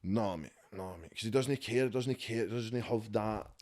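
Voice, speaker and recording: A man's voice: lowish voice, unhurried, darkish tone. A Scottish rapper, a man guesting on a casual podcast at home, talking bluntly and with a lot of swearing. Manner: profane, blunt, ranting. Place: his home.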